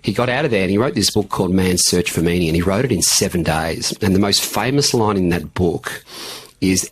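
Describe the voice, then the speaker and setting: Middle-aged Australian male coach, low and husky, chatty storyteller with ums and chuckles. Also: a little fast. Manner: animated anecdotes with frequent ums and laughs. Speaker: mindset coach. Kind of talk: conversational interview storytelling.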